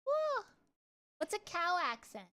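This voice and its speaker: A woman rambles playfully through a live stream, dropping curses without a second thought. Her voice sits a little high and comes through smooth and crisp. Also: measured pace, fairly bright tone. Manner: chatty, playful, swears freely. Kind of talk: casual livestream chat.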